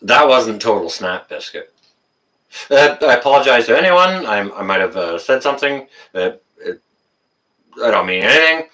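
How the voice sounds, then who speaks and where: A man chatting casually on a livestream, his voice swinging up and down as he rants and then calms to apologize. His tone is bright and sharp. He sits a little back from the microphone. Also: mid-range voice, normal speed, recorded from a distance. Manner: ranting, gets worked up then apologizes. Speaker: livestream host reading viewer comments.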